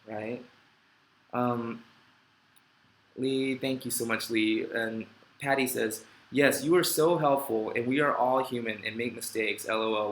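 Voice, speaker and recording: A man's voice: mid-range voice, sharp tone, reverberant, low-quality recording. A middle-aged man hosting a live question-and-answer stream, reading viewer comments aloud and talking in a heartfelt, rambling way with self-deprecating jokes. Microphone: desk microphone.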